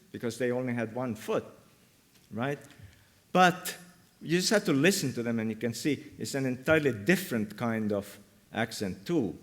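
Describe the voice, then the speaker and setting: A man giving an academic conference talk on linguistics, hesitant and full of fillers as he thinks aloud. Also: mid-range voice. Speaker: linguistics lecturer. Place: university lecture room.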